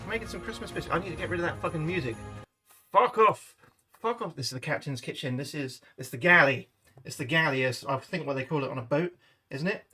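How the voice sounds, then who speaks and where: Sweary British man, fairly high voice. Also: fast talker, pushed and bright, slightly rough, faint music behind. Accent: British English. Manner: chatty, sweary, talks to viewers in chat. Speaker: livestream host. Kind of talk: casual cooking livestream chat. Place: home kitchen.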